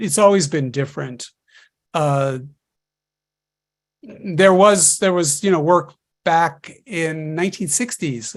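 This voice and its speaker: A man speaking as a linguist guest on a webinar panel, explaining in a hesitant, halting way over a video call. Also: fairly high pitch.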